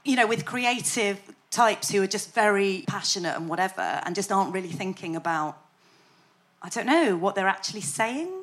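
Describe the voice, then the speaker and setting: A woman comedian chatting before a live audience, animated and self-deprecating, laughing often. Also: mid-range voice, moderate pace.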